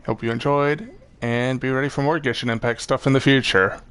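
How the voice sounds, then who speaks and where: A man's voice: mid-range voice, steady tone, a little fast, fairly bright tone, smooth. A young man casually commenting on his gameplay, laid-back, joking and rambling. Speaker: gaming YouTuber.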